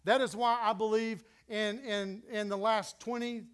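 A man's voice: high voice, flat delivery, measured pace, a bit bright, clear, resonant tone. A middle-aged man preaching a sermon as pastor, emphatic and repeating his key phrases.

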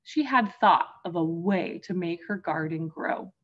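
A woman teacher reading a picture book aloud to young children, gently addressing them as friends. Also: fairly low pitch, expressive, measured pace, highs cut off, a little hiss or hum. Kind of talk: storybook read-aloud for children.

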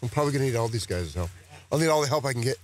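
A man's voice: medium pitch, animated, rapid-fire, a little hiss or hum. A man, an actor, chatting casually as a guest on a talk show set, rambling and joking at his own expense. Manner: joking, rambling, self-deprecating. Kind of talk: casual interview chat. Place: broadcast set with cameras at a golf tournament.

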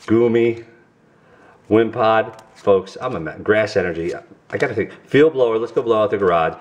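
A middle-aged man from New York with a New York accent, hosting a family vlog and chatting goofily to viewers while opening trading cards. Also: lowish voice. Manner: goofy, chatty, talks straight to viewers. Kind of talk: casual card-opening vlog.

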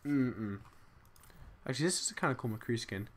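A young man casually commentating as he opens game loot boxes at his computer, excitable, talking to himself, groaning and cheering. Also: mid-range voice, moderate pace. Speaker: gaming channel host. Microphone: desk USB microphone.

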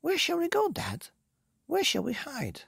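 A man voicing two excitable little monkey children in a storybook. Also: very high-pitched, unhurried, creaky, no room sound, clean studio sound, pitched above the performer's own voice, exaggerated voice. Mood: excited. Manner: squealing, excitable.

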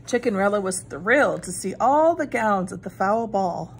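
Animated woman reading a picture book. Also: medium pitch, normal speed, slight background noise. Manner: animated, expressive. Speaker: storyteller. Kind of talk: children's picture book read-aloud.

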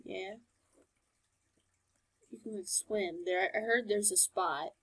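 A woman's voice: mid-range voice, steady tone, slow pace, fairly bright tone, slightly rough. A woman commenting on her own playthrough of a game, chatty and sarcastic, talking back to the characters on screen. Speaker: gamer. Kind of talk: let's play commentary.

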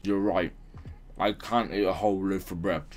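A man's voice: deep voice, steady tone, normal speed, music in the background. A young man answering viewer questions in a casual vlog at his mother's home, rambling and joking, swearing and laughing often. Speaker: YouTuber.

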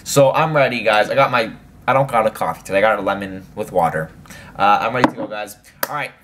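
A young man hosting a reaction video, talking casually, excitably and with frequent swearing. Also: on the low side, fast talker.

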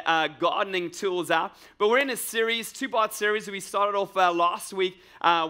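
A man preaching a lively sermon to a live congregation, energetic and jokey, repeating phrases and asking the crowd questions. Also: high voice. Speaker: pastor. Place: church sanctuary with live congregation.

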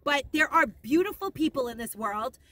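A woman in a casual shopping haul vlog, gushing and rambling with excitement, emotional and near tears at times. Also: sits high, normal speed, no room sound. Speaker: haul vlogger.

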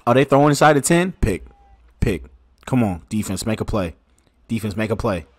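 A man streaming a football video game, giving excitable, slangy live commentary and talking to his viewers. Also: lowish voice, moderate pace. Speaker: gaming streamer. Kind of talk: casual live gameplay commentary.

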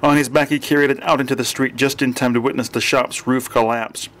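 A man narrating an audiobook in a dry, measured reading voice. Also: medium pitch, fairly even intonation, a bit bright.

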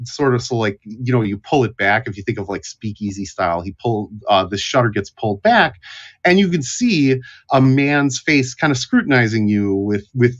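A man's voice: mid-range voice, lively intonation, normal speed. Man narrating a tabletop game. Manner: descriptive, with fillers. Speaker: game master. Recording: dull lo-fi audio.

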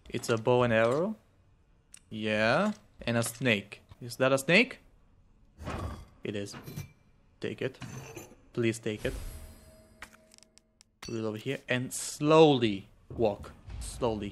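A man giving reactive gameplay commentary, muttering quietly when tense and yelping and swearing when startled. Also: medium pitch, animated, slow pace, pauses often, slight background noise. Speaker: gamer.

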